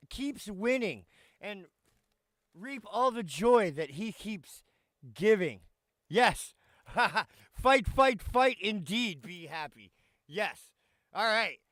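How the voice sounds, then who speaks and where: A man's voice: high voice, a bit bright, clean tone, no echo, studio quality. A man hosting a casual live stream, swearing freely, greeting his chat by name and griping at tech trouble. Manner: brash, swearing, talks to chat; irritated, muttering while fixing stream.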